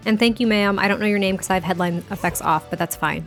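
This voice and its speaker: A woman's voice: medium pitch, fast talker, hardly any pauses, soft background music. A young woman giving casual, chatty gameplay commentary, giggling often and restarting her sentences. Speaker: gaming creator.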